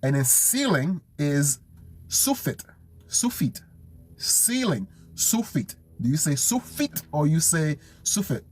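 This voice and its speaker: A man learning Polish, thinking aloud and slowly repeating words to memorize them. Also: on the high side, sing-song, a little mellow, slight background noise. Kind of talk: casual self-study vlog.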